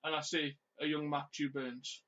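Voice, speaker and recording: High-voiced man ranting a story. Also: normal speed. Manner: animated ranting storyteller, swears freely. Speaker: podcast co-host. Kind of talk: casual storytelling chat. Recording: dull lo-fi audio.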